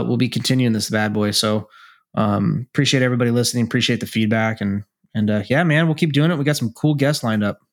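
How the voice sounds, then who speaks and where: Brief: male podcast co-host, loose and rambling, curses freely, mid-pitched voice. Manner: rambling, profane, laid-back. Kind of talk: casual chat.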